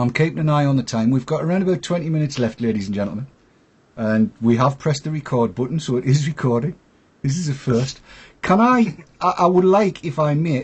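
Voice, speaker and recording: A man's voice: fairly high pitch, darkish tone, husky. A man hosting a casual online chat show, talking in a jokey, self-deprecating way. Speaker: host.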